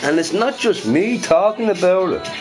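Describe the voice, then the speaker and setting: A man's voice: high voice, animated, normal speed, over music, rough recording. A drunk Irish man with a Dublin accent ranting in a heated, profane monologue and repeating himself. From Ireland.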